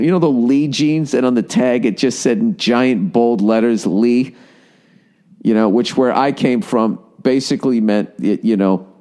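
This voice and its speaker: A man's voice: medium pitch, mellow. A man hosting his own podcast, ranting comedically with lots of profanity. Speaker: podcast host. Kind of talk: comedic solo rant.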